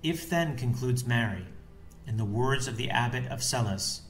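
A man giving a solemn, measured devotional reading, with a few phrases in Latin. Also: medium pitch, lively intonation. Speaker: devotional reader. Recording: echoey room with faint background hiss.

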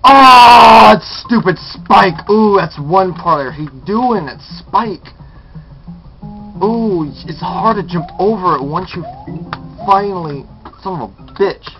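A man's voice: high-pitched, lively intonation, takes it slowly, long pauses. Cursing, exasperated young-sounding gamer man. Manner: cursing, exasperated, muttering to himself. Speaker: gameplay commentator. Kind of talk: frustrated let's play commentary. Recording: dull lo-fi capture with loud guitar music. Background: guitar music.

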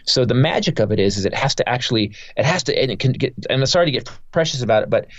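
A man's voice: mid-range voice, lively intonation, very fast, no room sound. Heated, profane man telling a story. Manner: profane, heated, rambling with many restarts. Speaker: guest comedian. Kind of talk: casual podcast interview storytelling. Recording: dull, dry podcast audio.

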